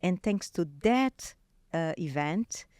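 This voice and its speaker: A woman's voice: lowish voice, slow, clear, resonant tone, no room sound, studio quality. Brazilian-accented woman telling a personal story. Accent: Brazilian Portuguese. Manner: animated, many restarts and fillers. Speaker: guest.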